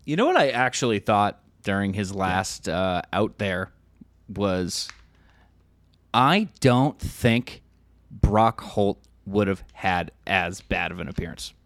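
A man's voice: on the low side, expressive, slow pace, a bit bright, dry recording. A man co-hosting a casual sports podcast, easygoing, trading stats and jokes. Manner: easygoing, lots of fillers and restarts. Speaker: podcast co-host.

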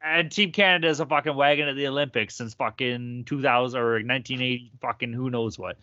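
A man co-hosting a sports betting podcast, talking loud, profane and hyped-up. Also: mid-range voice, fairly even intonation, brisk, no room sound, highs cut off. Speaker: podcast co-host.

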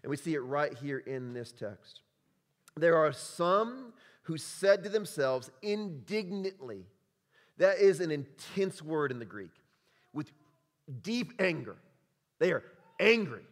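A man's voice: fairly high pitch, big pitch swings, takes it slowly. A male pastor preaching a sermon, emphatic and conversational, quizzing the congregation with repeated questions. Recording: long hall reverb.

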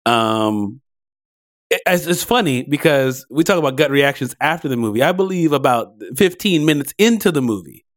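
A man's voice: fairly high pitch, lively intonation, normal speed, dry recording, studio quality. A man co-hosting a casual movie review chat, playful and teasing. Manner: playful, teasing, jumps into loud mock exclamations. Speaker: movie review podcast co-host.

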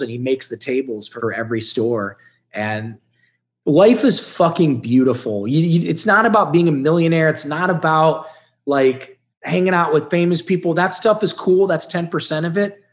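A man's voice: a little high, lo-fi sound. A man in his fifties from Ohio, telling his recovery story as a podcast guest in a candid, emotional and profane way. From Ohio, United States. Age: 50s.

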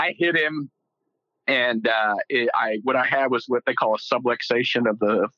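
Man telling a story, bright voice. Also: mid-range voice, moderate pace, dry recording, muffled recording. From Texas. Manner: joking, rambling with many fillers. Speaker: guest. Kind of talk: casual storytelling interview.

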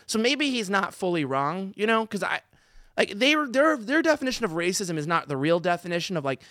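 A woman's voice: mid-range voice, very animated, fairly quick, a bit bright, no echo, studio quality. A woman co-hosting a political talk show, brash and joking in casual commentary. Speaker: co-host.

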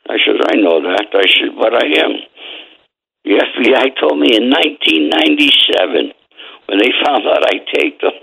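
An older man tells streetwise stories in a blunt, unvarnished way, swearing freely. His voice has a gravelly fry to it. The pitch sits in an ordinary middle range. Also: expressive, brisk, bright, forceful tone. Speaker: guest, former mob associate and author. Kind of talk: storytelling interview. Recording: phone line.

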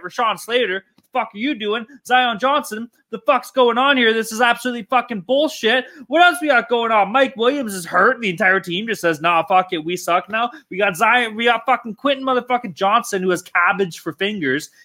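A man with a high, sharp, bright voice rants through a casual sports betting podcast. He swears constantly and talks in a loose, worked-up way. He sounds tired. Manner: profane, ranting, heavy swearing. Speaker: podcast co-host.

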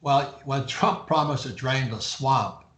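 An older man, an author guest in a casual interview, talking in a slow, musing way that trails off quietly. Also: medium pitch, echoey room.

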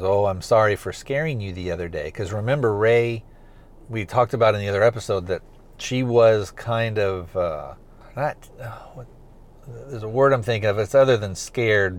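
A man hosting a podcast, recapping a TV episode in a loose, rambling way with lots of fillers like "kinda" and "you know". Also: fairly low pitch. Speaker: podcast host reviewing a TV series.

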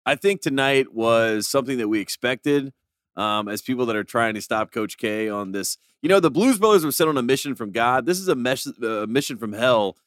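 A man co-hosts a casual sports podcast, joking with dramatic exaggeration and laughing often. His mid-range voice is expressive at a normal speed, recorded with clean studio sound and no room noise.

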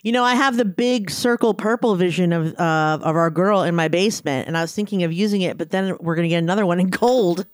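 A woman co-hosting a podcast in casual chat, talking in a chatty, teasing way with quick asides. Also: fairly low pitch, no room sound, studio quality. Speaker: podcast co-host.

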